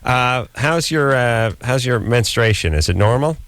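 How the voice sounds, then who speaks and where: A man's voice: mid-range voice, expressive, measured pace, fairly bright tone, no echo. A man in his forties co-hosting a radio call-in show, cracking crude, sarcastic jokes at callers. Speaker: radio co-host. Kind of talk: irreverent call-in banter.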